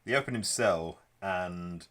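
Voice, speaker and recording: A man's voice: low-pitched, unhurried, a bit bright. A man co-hosting a podcast, recapping a comic in a laid-back way and quoting the characters. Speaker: podcast co-host. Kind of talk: casual chat recapping a comic.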